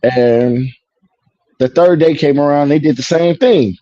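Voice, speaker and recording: A man from Chicago tells a personal story in an easy, casual way, acting out the lines people said and filling in with "you know." His voice is warm and mellow. The recording is dry and slightly muffled. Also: a little high, measured pace, no room sound. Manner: acts out dialogue, lots of "you know".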